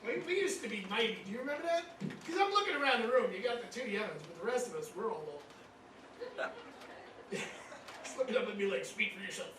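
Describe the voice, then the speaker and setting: A man in his fifties performs stand-up in a lounge on a cruise ship, chatting and poking fun at the crowd. His voice sits very high, and it echoes heavily around the room, picked up from some distance with a steady hum of background noise behind it. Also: brisk, pauses often. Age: 50s. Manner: conversational, teasing the crowd. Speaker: stand-up comedian. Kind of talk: stand-up comedy set. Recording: echoey room mic, caught from far off. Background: audience laughter.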